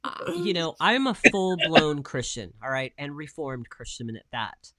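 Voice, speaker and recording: A man's voice: a little high, sing-song, unhurried, pushed and bright, no room sound. A man co-hosting a casual livestream talk show. He speaks in an emphatic, opinionated way over a video call. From United States. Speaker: co-host.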